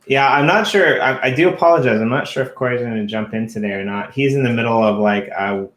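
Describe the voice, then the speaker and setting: A man's voice: medium pitch, fast talker, fairly bright tone. Man, podcast co-host, casual rambling chat, mixed traveled accent, echoey room. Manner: rambling, many fillers and restarts.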